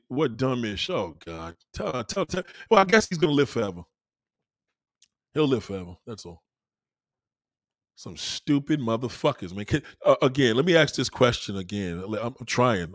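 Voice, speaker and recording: A man streaming live, ranting loudly and insulting his chat with heavy profanity, repeating his questions and mocking commenters. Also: mid-range voice, very animated, moderate pace, no room sound, studio quality. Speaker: livestreamer reading chat comments. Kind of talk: angry profane live rant.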